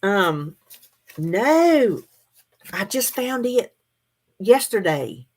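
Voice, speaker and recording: A woman's voice: mid-range voice, sing-song, very slow. A middle-aged woman, chatting casually with her viewers and laughing often as she answers their comments. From United States. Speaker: livestream host.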